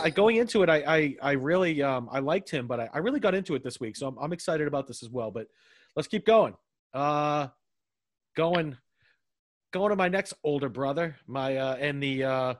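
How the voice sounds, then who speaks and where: A man hosts a loose podcast chat with friends, his voice sitting a bit high. He rambles and stammers, restarting sentences again and again, a little tipsy. The sound is dry and close. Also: dry recording. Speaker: podcast host.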